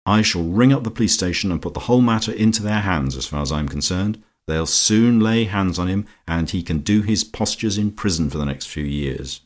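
A pompous, decisive husband, as a man with a deep voice plays him. He speaks with low-pitched, self-important certainty. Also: brisk, hardly any pauses, close to an everyday voice.

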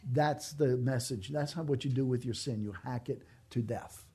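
Husky-voiced man preaching earnestly. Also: medium pitch, moderate pace, warm tone. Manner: earnest, emphatic preaching with repeated key phrases. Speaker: pastor. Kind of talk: sermon.

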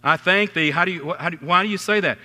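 A middle-aged man preaching a sermon as a pastor, earnest, lifting his voice on questions and sinking low when quoting scripture. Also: quick pace, bright, forceful tone. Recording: long reverb of a large hall.

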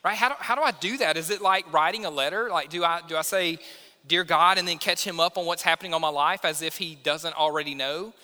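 Pastor, male, 30s; high, sharp voice, chatty sermon delivery, church hall reverb. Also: fast talker, hardly any pauses. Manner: conversational, self-deprecating preaching with acted quotes. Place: church sanctuary.

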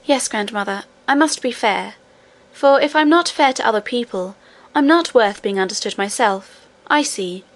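A woman's voice: fairly high pitch, animated, normal speed. A woman reading aloud, voicing a young princess who pleads and is close to tears. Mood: tearful. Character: young princess girl, tearful and earnest.

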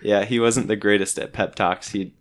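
A young man telling stories in a casual chat, animated and laughing often. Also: lowish voice, moderate pace. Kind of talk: casual storytelling.

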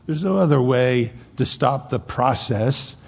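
Gravelly older man preaching in a hall. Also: medium pitch, lively intonation, a little slow, darkish tone. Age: 70s. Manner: folksy, joking asides, emphatic quoting of scripture. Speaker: pastor. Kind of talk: sermon. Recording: long hall reverb.

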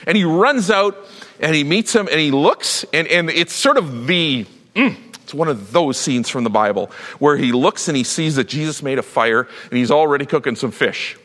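A male pastor preaching a sermon, telling a Bible story with lively acted-out voices. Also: a little high, normal speed, long reverb tail. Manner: animated storytelling, acts out Bible characters.

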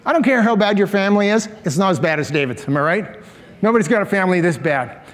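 A man's voice: high-pitched, animated, quick pace. A middle-aged man preaching a sermon, telling a story with humorous asides and laughing at his own jokes. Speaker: pastor. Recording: long hall reverb.

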